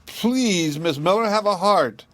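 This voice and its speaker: Man playing a mischievous boy, whining and wheedling, pitched up for a storybook. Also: animated, measured pace, no room sound. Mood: pleading. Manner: whining, pleading.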